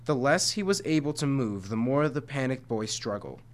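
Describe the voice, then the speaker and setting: A man's voice: medium pitch, big pitch swings, normal speed. A man reading a chapter book aloud to listeners, often stumbling and correcting himself. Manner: frequent stumbles and self-corrections.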